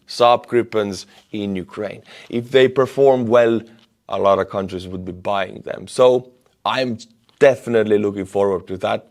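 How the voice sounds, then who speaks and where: A man's voice: medium pitch, darkish tone. A man, giving blunt, emphatic solo commentary on war news and pushing into indignant outbursts. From Estonia.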